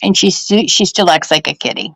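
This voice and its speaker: A woman's voice: lowish voice, brisk, creaky, a bit bright, no room sound, low-quality recording. A woman doing psychic readings on a live stream in a chatty, laughing way, at home. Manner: chatty, laughing, talks to her pets. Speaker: psychic medium. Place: home during a power outage.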